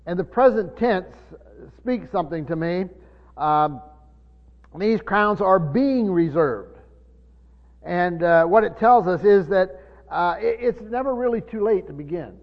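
A man preaching a sermon, teaching from the Bible in a halting way with many fillers and restarts, slowing down to stress key words. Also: high-pitched, expressive. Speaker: pastor. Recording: muffled sermon recording in a reverberant hall.

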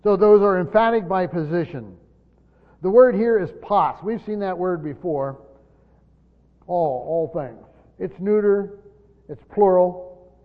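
A man with a fairly high voice teaches scripture to a gathered class, hitting key words hard and then falling quiet. The sound carries a long hall reverb and a dull, lo-fi tone. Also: slow, pauses often. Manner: emphatic, swinging between loud stresses and quiet asides. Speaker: pastor teaching a Bible study. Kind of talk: expository Bible teaching.

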